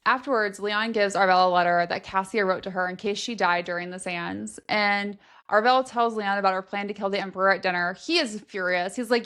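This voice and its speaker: A woman with an ordinary mid-range voice, chatting casually on a book podcast. She walks through the plot at an even, steady pace and tosses in quick dry asides. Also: mid-range voice, clear, resonant tone. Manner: steady plot summary with short dry reactions. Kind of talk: casual chat recapping a book.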